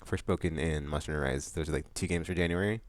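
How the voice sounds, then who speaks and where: A man with a low, deep voice rambles through his monthly vlog. He is casual and full of fillers, breaks into excited bursts, and is recorded dry and close. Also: quick pace, no room sound. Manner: loose, rambling, many fillers and restarts; excitable outbursts about upcoming games. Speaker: vlog host.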